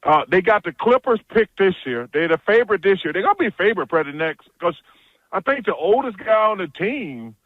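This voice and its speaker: A man's voice: high-pitched, sing-song, a little fast, no room sound, narrow, tinny audio. A man chatting as a guest analyst on a radio show, blunt and jokey, telling stories with lots of restarts. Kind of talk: casual phone-in radio chat.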